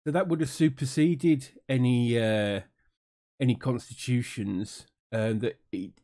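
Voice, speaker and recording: A man's voice: mid-range voice, mellow. A British man giving casual, sarcastic commentary on an interview, dry and mocking, with many fillers. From United Kingdom.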